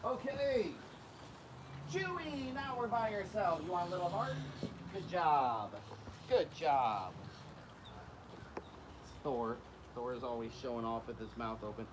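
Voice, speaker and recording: On the high side and a bit slow, the man speaks with long pauses while feeding alligators for his casual vlog. He keeps them and hosts the channel, calling to them in an animated, coaxing way in a windy outdoor spot, with noisy audio.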